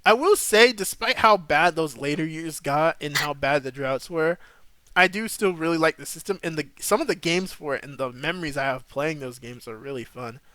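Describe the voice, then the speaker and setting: A young man in a relaxed stream chat, drifting between topics in a slangy, easygoing way. His voice sits a bit high and comes across bright and forward. The sound is dry and close. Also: normal speed, dry recording. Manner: laid-back, rambling, slangy. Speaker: streamer host. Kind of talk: casual stream chat while gaming.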